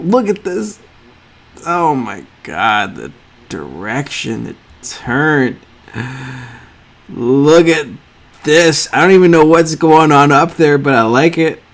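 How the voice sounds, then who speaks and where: A slightly high-voiced host of a channel about sneaker art marvels at the drawings in front of him. His over-the-top admiration rises to loud exclamations, then drops to near whispers.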